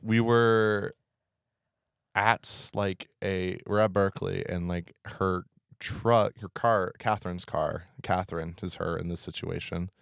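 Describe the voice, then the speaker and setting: A man's voice: low voice, steady tone, takes it slowly, creaky, a bit bright, clean tone, dry recording, studio quality. A young man co-hosting a casual college podcast, chatty and rambling, with lots of fillers and laughter. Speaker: podcast co-host; campus equity and inclusion worker. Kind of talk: casual chat.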